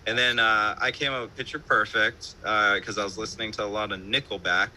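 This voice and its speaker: A band musician gives an interview from home in a piercingly bright, somewhat low voice, keeping a steady tone at a fairly quick pace. He rambles through stories with plenty of fillers, casual cursing and laughs. The streamed call is low quality and carries a faint hiss.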